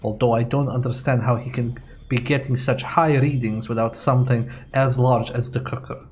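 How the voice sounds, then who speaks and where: A man's voice: medium pitch, fairly even intonation, normal speed, a little mellow, a little hiss or hum, close to an everyday voice. A man doing a put-on Russian accent, voicing a Soviet male lab scientist who reads his notes aloud in a hammy, theatrical way. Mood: grandiose.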